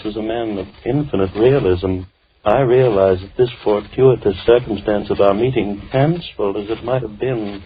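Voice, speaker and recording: An actor playing a soft-spoken, coldly polite madman in a 1950s radio drama. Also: lowish voice, close to an everyday voice. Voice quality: calm, gentle, coldly polite. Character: soft-spoken menacing madman, middle-aged. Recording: tinny old radio broadcast with faint hiss.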